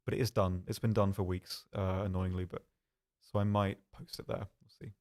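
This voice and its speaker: On a casual live stream, a young man reads viewers' questions aloud and answers each in turn. His slightly low voice stays soft and calm at normal speed, and his humor is dry and self-deprecating.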